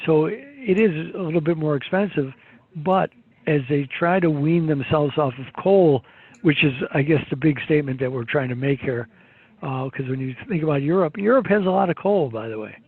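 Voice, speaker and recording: A man holds forth on markets in a rambling, opinionated way, full of restarts and fillers. His voice is husky and sits fairly high. The sound is thin and phone-like. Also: normal speed. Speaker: market commentator guest. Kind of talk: casual market commentary. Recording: tinny phone-like line.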